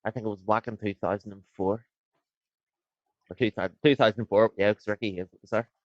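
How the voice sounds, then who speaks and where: A man's voice: fairly low pitch, fairly even intonation, fairly quick, dry recording. A man co-hosting a casual podcast, rambling through crude anecdotes. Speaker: podcast co-host. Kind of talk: casual chat between mates. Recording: dull, dry lo-fi sound.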